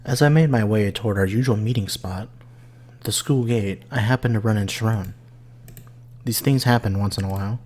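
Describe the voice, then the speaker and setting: A man voicing a quiet teenage boy who narrates a visual novel in a dry, wry way. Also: on the low side, fairly quick, natural voice.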